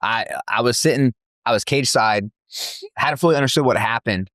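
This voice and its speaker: A man, an MMA promotion CEO, telling stories in a casual interview with animated slang and lots of fillers. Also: mid-range voice, no room sound, studio quality. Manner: fast, animated storytelling with slang and filler words. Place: cafe.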